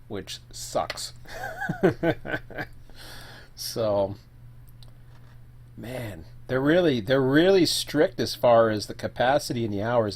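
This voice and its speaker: On his solo live stream, a man with a fairly low-pitched voice talks casually and thinks out loud. He uses fillers, corrects himself, and occasionally eats while speaking.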